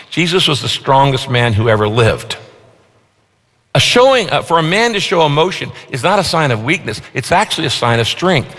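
A man preaching a sermon as pastor, with emphatic repetition, rising for stress and then dropping low. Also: fairly bright tone, long reverb tail. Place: large church auditorium.

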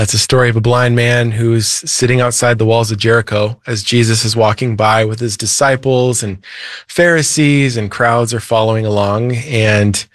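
A man's voice: lowish voice, no room sound, clean studio sound. A man, a preacher and author, earnestly retelling a Bible story as an interview guest.

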